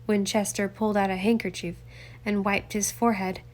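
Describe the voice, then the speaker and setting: Woman audiobook narrator, mid-range voice, measured scripted storytelling. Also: mid-range voice, level tone, a little mellow.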